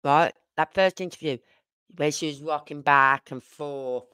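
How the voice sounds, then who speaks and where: A woman's voice: low-pitched, a little slow, fairly bright tone, clean tone, no echo. An older woman with a Birmingham accent, hosting a casual livestream and talking bluntly and at length to her chat. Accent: Birmingham (Brummie). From Birmingham, England. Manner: blunt, outspoken, rambling. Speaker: livestream host.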